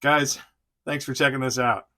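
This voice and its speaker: A man's voice: mid-range voice, steady tone, moderate pace, sharp tone. A man casually chatting through a toy review, rambling with many fillers and chuckles. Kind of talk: casual unboxing chat.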